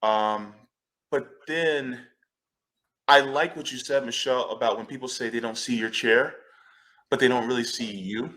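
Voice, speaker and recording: A man speaking as a panelist in a discussion, animated and emphatic, swearing when riled. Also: mid-range voice, moderate pace.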